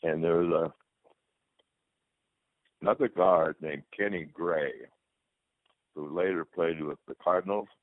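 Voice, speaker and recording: Deep and steady, this older retired footballer speaks unhurriedly with long pauses while guesting on an interview. His casual stories ramble, and he performs the dialogue himself; the recording is dry and phone-like lo-fi.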